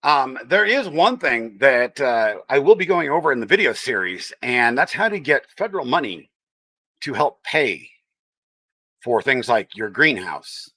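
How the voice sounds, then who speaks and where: A man's voice: mid-range voice, sing-song, a little slow, bright, forceful tone, no echo. A man with a Texan-tinged accent hosting a casual livestream, chatting and teasing his viewers as he reads the chat. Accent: Texan-tinged American. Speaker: livestream host.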